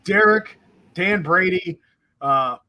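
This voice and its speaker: Guy on a gun podcast with a bright, slightly high voice, talks a lot and explains stuff, jokes around with swearing. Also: animated, slow pace. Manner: talkative, explaining at length, with profane joking. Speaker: podcast co-host, firearms instructor. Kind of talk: casual chat.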